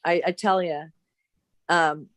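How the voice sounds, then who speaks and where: A woman telling a long personal story in casual chat, halting with many restarts as she retells what others said. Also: fairly low pitch, steady tone, a bit bright, no echo. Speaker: caller sharing a story.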